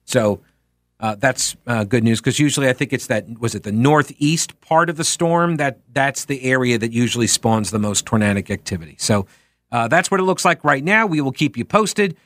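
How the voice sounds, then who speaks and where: A man's voice: mid-range voice, animated, normal speed, fairly bright tone. Sarcastic ranting man on talk radio. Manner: sarcastic, ranting, many fillers. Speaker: radio talk show host. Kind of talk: casual talk radio monologue. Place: radio studio. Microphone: studio microphone.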